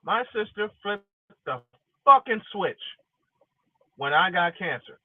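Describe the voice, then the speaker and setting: A middle-aged man hosting a livestream speaks slowly in a high voice with big pitch swings, venting angrily and profanely and repeating lines for emphasis. The sound is tinny and phone-like, with no echo.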